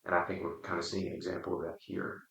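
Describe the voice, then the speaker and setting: A man leading a casual book discussion, explaining his thoughts carefully with frequent pauses. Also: low voice, monotone, creaky, fairly bright tone. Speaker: book study discussion leader. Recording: roomy, distant mic.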